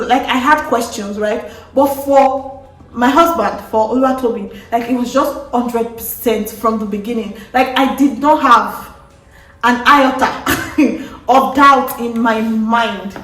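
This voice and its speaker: A young woman chats to her viewers in a lively storytelling vlog. Her voice sits fairly high. She jumps into the quotes she acts out. She sounds a little far from the mic in an echoey room. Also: unhurried. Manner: animated, acts out quotes with wailing and laughter. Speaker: vlogger. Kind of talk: casual storytelling to camera.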